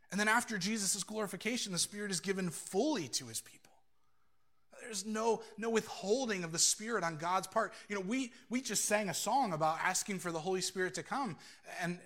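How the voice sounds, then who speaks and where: High-voiced man preaching a sermon. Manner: animated storytelling, acting out quoted voices. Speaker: pastor.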